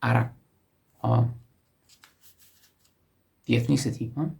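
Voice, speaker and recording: Slow gravelly man teaching letters. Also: mid-range voice, little pitch movement, a little mellow. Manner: slow, patient explaining with frequent self-corrections. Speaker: language teacher. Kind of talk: casual teaching while writing on a board.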